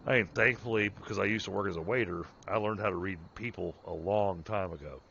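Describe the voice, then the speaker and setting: A man's voice: sits low, brisk, creaky, fairly bright tone. A man streaming a game and chatting casually, rambling with many restarts and self-deprecating asides. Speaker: streamer and project manager. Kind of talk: casual chat while gaming. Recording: dull lo-fi mic with noise.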